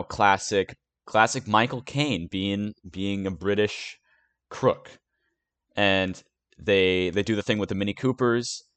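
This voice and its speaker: A young man with a very low voice chats casually about his favorite movies, stumbling through fillers and restarts as he goes. The sound is dry and close, with no room around it. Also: smooth, no room sound. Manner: rambling and hesitant, with many fillers and restarts. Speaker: host of a movie review video series. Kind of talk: casual movie review chat.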